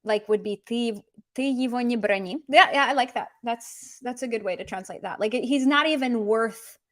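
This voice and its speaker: A woman's voice: medium pitch, a bit bright. A woman teaching a casual live language lesson, chatty and explanatory, slipping Russian phrases into her explanations.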